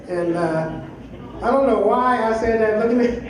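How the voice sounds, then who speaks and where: A middle-aged comedian with a high voice and normal pace works the room during live stand-up at a comedy club, joking in a loose way. Laughter from the crowd fills the background, and the sound is echoey, as if recorded from a distance.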